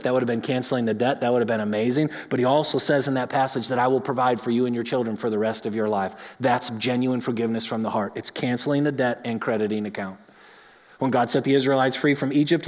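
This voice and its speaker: A man pastor preaching a sermon, telling examples with animated swings between emphatic bursts and quiet, soft passages. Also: mid-range voice, fast. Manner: animated storytelling, rising to emphatic peaks then dropping soft. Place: church sanctuary. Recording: long reverb of a church hall.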